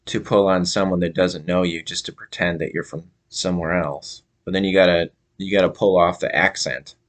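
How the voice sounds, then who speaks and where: A young man from Minnesota telling a casual story to camera, halting with many fillers and restarts. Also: low-pitched, steady tone. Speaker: vlogger.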